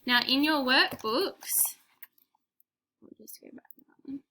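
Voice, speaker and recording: A young woman teaching spelling to small children, talking slowly and clearly. Her voice is bright and sits fairly high, full of praise and gentle prompts. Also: slight background noise. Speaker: primary school teacher.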